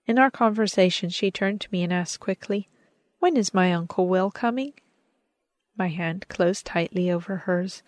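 Woman narrator, lowish voice, measured and earnest, dry close recording. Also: no echo. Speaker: audiobook narrator. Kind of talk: scripted narration.

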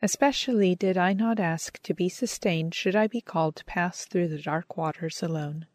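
Measured woman reading an audiobook. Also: on the low side, darkish tone, dry recording, clean studio sound. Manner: measured and earnest. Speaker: audiobook reader. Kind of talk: scripted first-person narration.

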